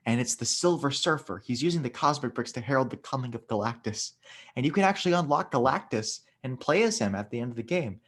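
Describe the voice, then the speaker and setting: A man's voice: medium pitch, animated, quick pace, fairly bright tone. A young man co-hosting a casual chat, rambling and restarting his sentences often. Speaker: podcast co-host.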